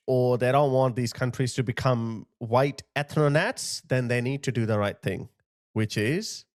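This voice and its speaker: A man's voice: mid-range voice, no echo, studio quality. A man hosting a commentary video, ranting in a heated, scornful way and repeating short jabs. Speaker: commentary channel host.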